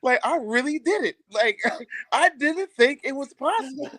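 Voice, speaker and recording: Animated male storyteller, loose and profane, very expressive pitch, dry mic. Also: moderate pace, no room sound. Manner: animated, profane, laughs while telling. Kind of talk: casual podcast storytelling.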